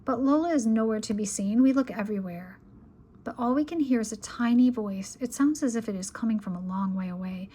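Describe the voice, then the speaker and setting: A woman reading a children's picture book aloud in a calm, gentle bedtime manner, at times sinking to a whisper. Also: fairly high pitch, brisk, breathy edge. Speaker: children's storyteller.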